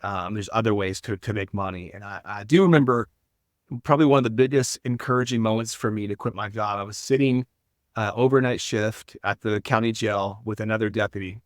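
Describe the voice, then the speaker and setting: Earnest, hesitant man with a low voice. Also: fairly quick, dry recording, studio quality. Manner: earnest, self-deprecating, hesitant with many restarts. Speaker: podcast guest. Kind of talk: casual podcast interview.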